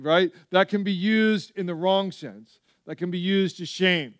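A male pastor preaching a sermon, telling stories with lively asides to the church. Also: high voice, unhurried, smooth, dry recording, clean studio sound. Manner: animated storytelling with frequent asides.

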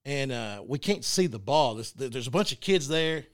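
In a studio-quality recording without echo, a mid-range male voice speaks at a moderate pace. He's a podcast co-host and youth football coach from Arkansas, spinning stories on a casual sports show with frequent laughter and false starts.

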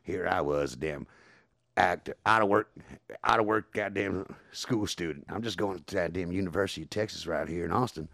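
A man impersonating a laid-back male movie star who talks in a slow, relaxed drawl. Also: sits low, creaky, dry recording, studio quality.

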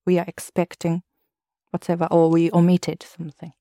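Woman modelling phrases slowly and carefully. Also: on the low side, completely flat delivery, mellow, no echo, studio quality. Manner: careful, deliberate pronunciation. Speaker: pronunciation model in class.

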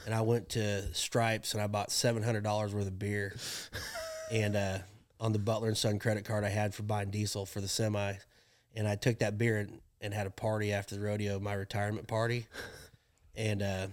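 A young man casually telling stories about his rodeo work, animated and often laughing as he acts out what people said. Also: on the low side, fairly quick. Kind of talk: casual storytelling chat.

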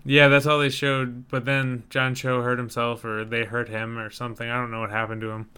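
A man's voice: mid-range voice, completely flat delivery, a little fast, pushed and bright, clear, resonant tone. A young man co-hosting a podcast, chatting casually with dry, self-deprecating humor. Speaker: podcast co-host. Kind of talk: casual chat.

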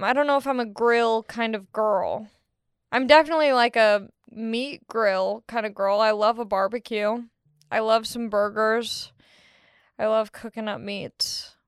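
A woman's voice: on the high side, fairly bright tone, smooth, dry recording, studio quality. A young woman hosting her own podcast, talking in a rambling, jokey, self-deprecating monologue. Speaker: podcast host. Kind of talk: casual monologue.

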